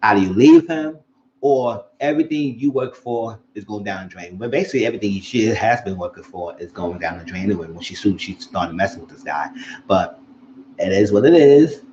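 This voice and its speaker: A man casually recapping a TV episode, animated and acting out what the characters said. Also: fairly low pitch, fairly quick, lo-fi sound, slight background noise. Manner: animated, acts out characters' lines. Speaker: show recap vlogger.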